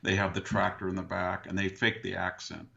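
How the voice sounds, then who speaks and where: A man being interviewed as a historian, telling dry, wry anecdotes with a deadpan punchline. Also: low-pitched, brisk, vocal fry, highs cut off. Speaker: guest historian. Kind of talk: conversational storytelling. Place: rural farm valley region.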